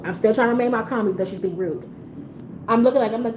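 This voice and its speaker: A woman's voice: medium pitch, expressive, racing. A woman hosting a livestream, telling a story casually and animatedly, swearing and bursting into laughs. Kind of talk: casual storytime chat to a live audience. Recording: echoey room with faint background noise.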